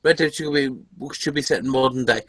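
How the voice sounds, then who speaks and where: A man's voice: medium pitch, brisk, a bit bright, dry recording. A man hosting a casual podcast chat, reading an article aloud and poking fun at it with sarcastic asides. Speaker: podcast host.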